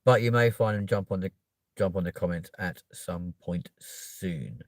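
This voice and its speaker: Low-voiced sweary South West London man. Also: unhurried, dry recording. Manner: rambling, sweary, cheeky. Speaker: live streamer. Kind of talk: casual chat to viewers.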